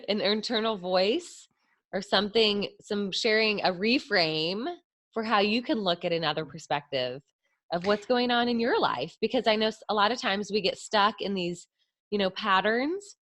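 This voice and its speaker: Slow-speaking woman interview host. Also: mid-range voice, fairly bright tone. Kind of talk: interview hosting.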